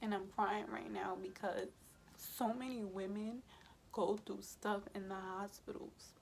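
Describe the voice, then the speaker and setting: A woman, a birth worker and mother, tells a personal story for a vlog in a casual, emotional way, speaking straight to her viewers and often sinking into a soft whisper. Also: mid-range voice, steady tone, unhurried, vocal fry, background noise. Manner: conversational, addresses viewers directly.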